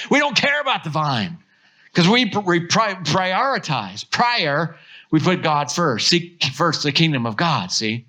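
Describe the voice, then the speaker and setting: A pastor with an American accent preaching a sermon, telling stories with lively acted-out quotes. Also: male voice, high-pitched, a little slow. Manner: animated storytelling, acts out quotes.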